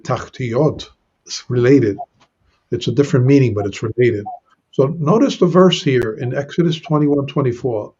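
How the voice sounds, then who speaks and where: Husky man teaching Hebrew grammar. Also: medium pitch, a little mellow, muffled recording. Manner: patient, explanatory, many "uh" and "okay". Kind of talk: online Hebrew grammar lesson.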